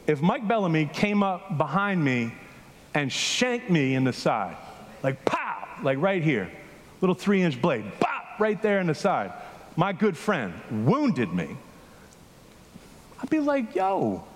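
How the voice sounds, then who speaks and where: A man with a fairly high voice preaches in a loose, conversational way, telling stories and checking in with his listeners. His pitch swings widely as he talks. The sound carries a long reverb from a large hall. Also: measured pace, a little hiss or hum. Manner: animated storytelling, questions to the congregation. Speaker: pastor. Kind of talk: conversational sermon. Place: church hall with a congregation.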